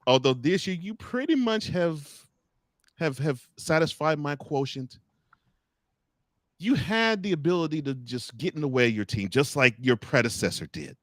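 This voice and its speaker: A man co-hosting a sports talk show, ranting in a mocking, animated way straight at the people he talks about. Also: a little high, moderate pace, dry recording, clean studio sound. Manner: animated, mocking rants addressed to coaches. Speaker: podcast co-host.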